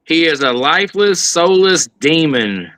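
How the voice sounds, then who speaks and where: A man's voice: on the high side, lively intonation, a little slow, bright, forceful tone, dry recording, poor audio. A man in his thirties talking heatedly and profanely in casual chat, rambling as he gets worked up. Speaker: guest.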